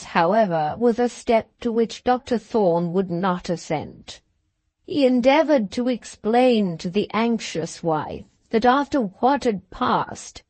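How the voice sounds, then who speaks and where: A woman reads a classic novel aloud in a slow, deliberate way, her voice rising and falling with lively expression. It is a bit higher than usual. The sound is dry and close to the mic. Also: dry recording. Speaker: audiobook narrator. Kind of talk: scripted narration of a classic novel.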